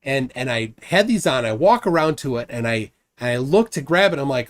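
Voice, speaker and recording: Speaking briskly with hardly any pauses, a married adult man in an animated, mid-range voice chats casually on his livestream and reads out viewer comments. He rambles, restarting often and filling gaps with fillers.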